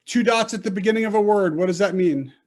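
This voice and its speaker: A man's voice: high-pitched, darkish tone. A man teaching a Hebrew reading class over a video call, coaching patiently and sounding out syllables. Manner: patient, coaching, slow and deliberate. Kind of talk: online class instruction.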